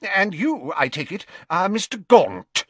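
A man's voice: big pitch swings, a little slow, no echo, exaggerated voice. A man reading an audiobook, voicing a stiff, nervous male government official in a magical storybook. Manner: stiff, prim and high-strung.

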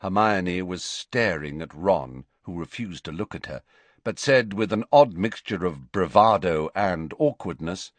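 Slow, expressive male audiobook narrator. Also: low voice, no room sound. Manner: expressive, measured storytelling. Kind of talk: scripted narration.

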